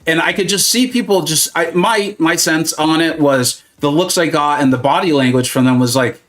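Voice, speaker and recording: A man's voice: a little high, normal speed, hardly any pauses, faint music behind. A middle-aged man from Southern California, chatting casually and rambling on a gaming livestream with plenty of fillers. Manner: rambling, animated storytelling with many fillers and restarts.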